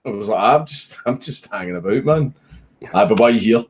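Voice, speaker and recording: A man's voice: fairly low pitch, animated, a little fast, a little hiss or hum. A young Scottish man, a streamer, casually telling a story with lots of swearing and laughing at his own punchlines.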